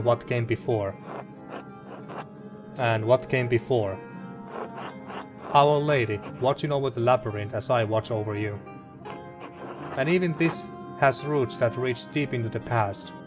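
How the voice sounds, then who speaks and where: A calm, wise female guide, as a man reads her lines in a narrative game. She speaks quietly and slowly, with measured weight. Game music sits behind the voice. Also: mid-range voice, lightly acted.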